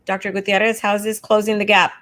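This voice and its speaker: A woman's voice: mid-range voice, little pitch movement, quick pace, a bit bright. A woman co-hosting a casual talk stream for teachers, exasperated and openly sarcastic. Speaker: co-host of educators' union livestream. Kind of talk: casual chat.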